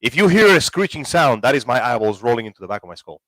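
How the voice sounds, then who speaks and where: A man's voice: medium pitch, sing-song, fast talker, a bit bright, no echo, low-quality recording. Sarcastic man on a dry mic. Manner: sarcastic, joking. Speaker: podcast co-host. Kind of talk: casual live-stream chat.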